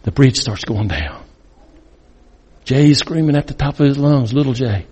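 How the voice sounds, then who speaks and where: A man preaching as a guest speaker, telling a dramatic story that swings between loud and hushed. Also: mid-range voice, expressive, normal speed, long pauses, husky. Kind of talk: sermon storytelling. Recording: long reverb in a large hall.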